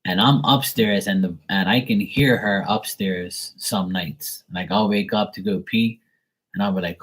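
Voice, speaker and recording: A man with a lowish voice chats casually on his own livestream, a tarot reader hosting viewers. He talks loosely and swears freely, leaning on "like" between thoughts. The talk stays relaxed and unscripted throughout. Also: a little slow, slightly rough, low-quality recording. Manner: loose and profane, heavy on fillers like "like".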